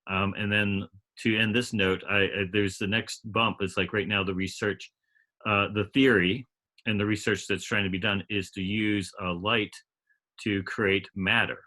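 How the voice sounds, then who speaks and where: Low-voiced man musing haltingly. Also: little pitch movement, pushed and bright. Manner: halting, many restarts and fillers. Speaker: call participant. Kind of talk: casual group discussion.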